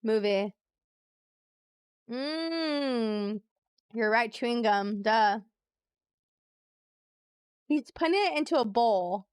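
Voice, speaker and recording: A woman's voice: on the high side, expressive, very slow, pauses often, clear, resonant tone, no echo, clean studio sound. A woman streaming a trivia game, chatting casually with her viewers, reading clues aloud and laughing easily. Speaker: live streamer. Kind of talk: casual live-stream chat while playing a trivia game.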